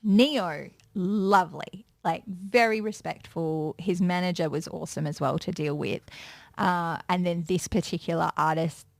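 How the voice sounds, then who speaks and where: A woman chats as an interview guest, spinning backstage stories and slipping into bright put-on voices for quotes. Her voice sits on the low side, and the sound is dry and close. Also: measured pace, vocal fry, no room sound. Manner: chatty storyteller, acts out quotes with lively voices. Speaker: music and pop culture presenter, guest. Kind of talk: casual interview chat.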